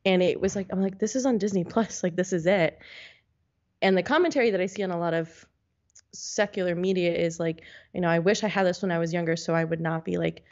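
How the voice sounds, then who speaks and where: A woman co-hosting a podcast in casual chat, reacting quickly and animatedly. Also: lowish voice, a little mellow, dull audio. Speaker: podcast co-host.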